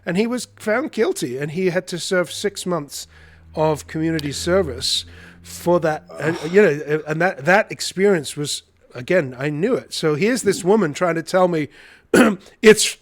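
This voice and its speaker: A middle-aged man telling a story as a podcast guest, animated and acting out the dialogue. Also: a little high, normal speed. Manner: animated, acts out dialogue in his retelling. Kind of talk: storytelling interview.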